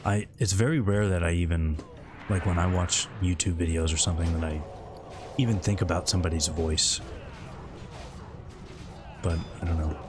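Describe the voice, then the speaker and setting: Man, slightly scratchy throat, deep voice, relaxed rambling game-stream chat, faint background music. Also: moderate pace, pauses often. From American Midwest. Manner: relaxed, rambling, talks a bit loud into the mic. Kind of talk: casual chat while gaming. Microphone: close streaming mic.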